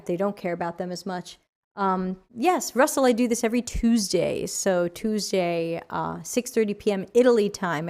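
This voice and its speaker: The livestream AMA host here has a medium-pitched voice and keeps things casual, chatty and lively as she reads out questions from chat. After an hour of talking, she sounds worn.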